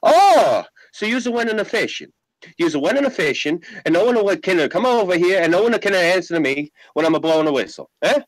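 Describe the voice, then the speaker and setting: A man's voice: high voice, big pitch swings, a little fast, pitched above the performer's own voice, low-quality recording. A man voicing a furious little old immigrant father, ranting in broken English. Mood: scolding.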